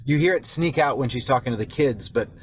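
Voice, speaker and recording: A man chatting casually as an author, self-deprecating and often laughing as he talks. His voice sits at an ordinary middle pitch. A faint hiss of noise sits behind him. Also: a little fast. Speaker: author guest. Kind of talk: casual chat.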